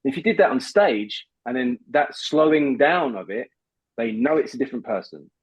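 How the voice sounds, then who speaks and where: A man who is a voice coach, explaining techniques in an animated, instructive way and laughing often. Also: mid-range voice, normal speed, husky, no echo, rough recording. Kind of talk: instructive conversation.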